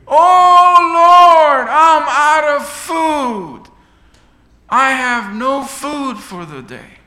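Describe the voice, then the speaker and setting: Man putting on a shouting old church lady. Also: very high-pitched, expressive, pitched above the performer's own voice, heavily acted. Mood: pleading. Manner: drawn-out shouted exclamations. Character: elderly devout woman shouting praise. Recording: echoey hall.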